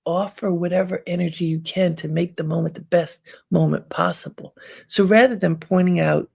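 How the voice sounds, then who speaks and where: Very gravelly, husky woman host. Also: fairly low pitch. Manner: calm, unhurried advice with frequent pauses. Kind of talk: inspirational self-help talk.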